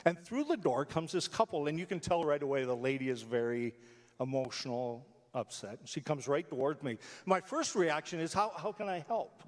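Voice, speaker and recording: Man, radio storyteller, animated and emotional, slightly high voice, long hall reverb. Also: normal speed. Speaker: radio personality telling stories on stage. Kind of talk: storytelling speech to a live audience. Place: theatre stage.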